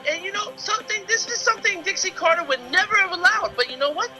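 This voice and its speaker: A man's voice: very high voice, lively intonation, quick pace, bright, forceful tone, soft background music, exaggerated voice, poor audio. A man voicing a polite young male reporter who eagerly runs through wrestling news and calls the others mister. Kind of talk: casual podcast segment.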